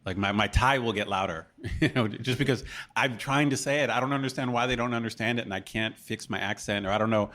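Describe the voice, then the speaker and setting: A man's voice: medium pitch, fast, a bit bright. A man co-hosting a casual podcast, rambling and self-deprecating with lots of fillers. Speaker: podcast co-host. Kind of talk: casual chat.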